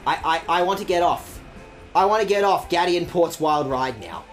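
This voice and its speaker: Over background music, an expressive game streamer talks at normal speed through a casual let's-play. The commentary rambles, turns crude with swearing and self-mocking jokes, and swings in pitch.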